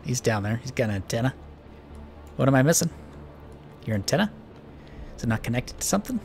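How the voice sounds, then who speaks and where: A man's voice: medium pitch, very animated, fairly quick, long pauses, a little mellow, soft background music. Chatty self-mocking male game commentator. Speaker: gaming channel host. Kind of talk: casual let's-play commentary.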